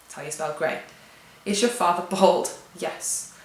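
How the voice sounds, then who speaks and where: Young english girl reading out tag questions and answering quick, british accent, roomy echo. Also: fairly low pitch, steady tone, slight background noise. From England. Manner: chatty, reads questions aloud and answers offhand. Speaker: vlogger. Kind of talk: casual tag video chat.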